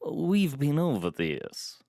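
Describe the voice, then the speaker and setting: A man voicing a very posh, tradition-minded gentleman who sounds dry and unamused. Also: fairly high pitch, wildly swooping pitch, slow pace, no room sound, pitched above the performer's own voice, heavily acted. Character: posh, tradition-bound gentleman, middle-aged.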